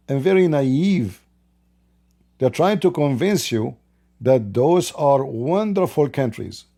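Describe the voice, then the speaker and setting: In a creaky, mellow voice of medium pitch, a man who comments online launches into a scornful, emphatic monologue. He keeps throwing out rhetorical questions in simple, broken grammar.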